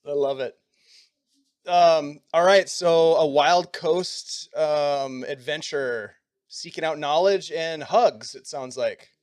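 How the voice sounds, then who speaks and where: Clear-voiced game master, dry sound. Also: male voice, a little high, slow, no room sound. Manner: warm-up patter, hesitant fillers. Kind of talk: hosting a tabletop game.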